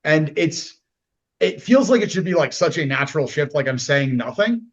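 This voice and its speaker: A man's voice: fairly high pitch, normal speed, highs cut off. A man talking as a podcast guest in casual conversation, animatedly acting out the voices of people he describes. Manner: animated, acts out quoted voices.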